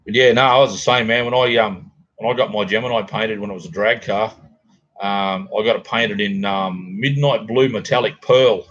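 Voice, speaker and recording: Chatting easily with his viewers, this middle-aged Australian rambles through a livestream he hosts from home, close to a garage. His lowish voice stays steady at a normal speed with a fairly bright tone, though the highs are cut off.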